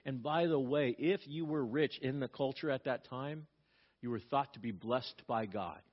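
A middle-aged pastor preaches a sermon in a medium-pitched voice at a moderate pace. He's emphatic, repeating his key phrases and restarting often. The recording is dull and lo-fi.

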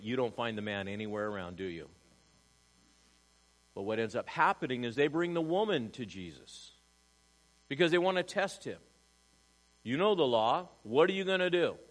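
Male pastor, mid-pitched, dynamic sermon delivery, rhetorical questions, big shifts in volume. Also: poor audio. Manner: dynamic, swings from loud emphasis to hushed, rhetorical questions. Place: church service.

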